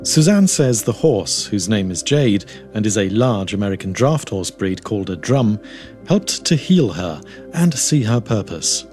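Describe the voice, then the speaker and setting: A man presenting and narrating a radio documentary from a script, in a measured, clear way. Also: fairly low pitch, sing-song, darkish tone, faint music behind.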